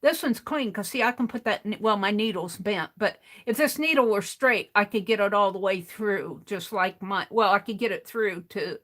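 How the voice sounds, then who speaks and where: A woman's voice: medium pitch, normal speed, few pauses, fairly bright tone. A woman hosting a craft livestream, explaining how to clean a paint bottle in a rambling way, restarting her sentences as she works with her hands.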